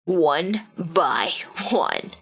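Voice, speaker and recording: A woman's voice: fairly low pitch, expressive, very slow, slightly rough, voice pushed down, heavily acted, rough recording. A woman voicing a taunting young male camp bully with a put-on Australian accent, reading from a story game. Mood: menacing. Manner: taunting, menacing.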